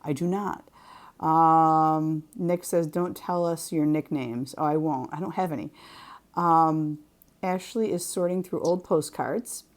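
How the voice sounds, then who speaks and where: A woman's voice: sits low, slow. Chatty woman reading out comments. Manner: animated storyteller, acts out quoted lines. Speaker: co-host reading viewer comments. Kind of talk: casual chat while crafting.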